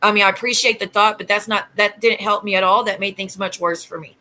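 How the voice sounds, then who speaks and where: A woman's voice: medium pitch, fairly even intonation, fast, bright, forceful tone, poor audio. A woman hosting her own livestream, telling an aggrieved, rambling story about online drama and answering chat. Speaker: YouTube livestream host. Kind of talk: casual ranting livestream talk.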